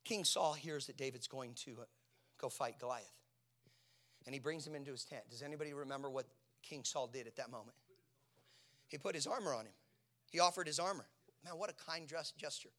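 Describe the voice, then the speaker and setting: A man preaching a sermon, asking his congregation questions and swinging from hushed near-whispers to loud shouting. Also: medium pitch, a little fast, long pauses.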